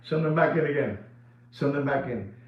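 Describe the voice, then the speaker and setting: Excitable man ranting in an echoey room. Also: mid-range voice, moderate pace. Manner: animated, repetitive, switches into Spanish phrases. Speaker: watch dealer. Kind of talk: excited casual rant to camera. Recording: echoey room, dull lo-fi sound.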